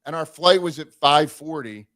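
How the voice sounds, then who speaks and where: A man casually telling a long road story on a live stream, animated and swearing, acting out the people he quotes. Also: on the high side, moderate pace.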